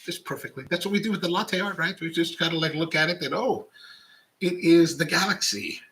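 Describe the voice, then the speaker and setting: A man's voice: on the high side, fairly quick, a bit bright, low-quality recording. A middle-aged man hosting a coffee show, chatting casually and rambling as he reads out viewer comments. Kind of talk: casual live-stream chat.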